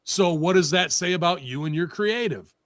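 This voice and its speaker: A man's voice: high-pitched, normal speed, a bit bright, no echo, clean studio sound. A man hosting a talk show, ranting sarcastically with lots of profanity in casual heated chat. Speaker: podcast host.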